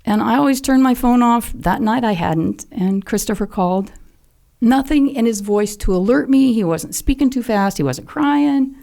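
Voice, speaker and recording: A woman's voice: fairly high pitch, expressive, moderate pace, gravelly, dark tone. An older woman telling a personal story as a podcast guest, earnest and heartfelt, at times dropping to a near whisper. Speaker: podcast guest, mother of a fallen SEAL.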